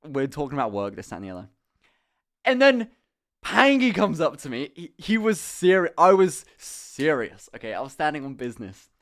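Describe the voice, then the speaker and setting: A young man on a live stream chats casually with viewers, telling an animated story full of swearing and frequent laughter. His voice is on the high side, at a normal speed.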